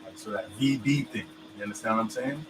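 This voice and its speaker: A man's voice: on the low side, fast talker, a bit bright, a little hiss or hum, rough recording. A man explaining things in casual chat, loose and full of fillers, often checking that his listener understands.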